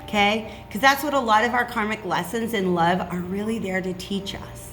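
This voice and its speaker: A woman's voice: mid-range voice, moderate pace, a bit bright, faint music behind. A woman giving a casual tarot reading, chatty and reassuring, checking in with "okay?" often. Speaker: tarot reader.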